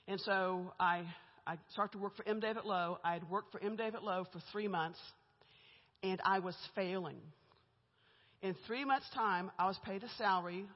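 A woman's voice: medium pitch, slightly rough. A middle-aged woman giving a candid, chatty church testimony about her own life, laughing between lines. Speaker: guest speaker giving a testimony. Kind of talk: church testimony, conversational storytelling. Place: church sanctuary. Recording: echoey church hall, muffled.

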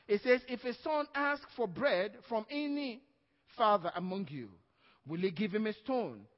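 A man's voice: high-pitched, expressive, unhurried, big-room sound, lo-fi sound. A male pastor preaching a sermon, stressing words hard and often asking the congregation "Amen?".

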